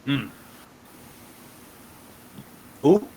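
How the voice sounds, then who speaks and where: A man voicing a burly, easygoing axe-wielding man who laughs heartily and hums gruffly. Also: normal speed, dark tone, a little hiss or hum, natural voice, poor audio.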